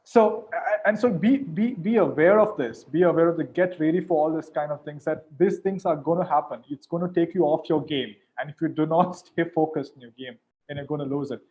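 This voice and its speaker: A man judging mediation competitions gives informal coaching advice in an animated way, often repeating words as he starts a sentence. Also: fairly high pitch, fairly quick, narrow, tinny audio.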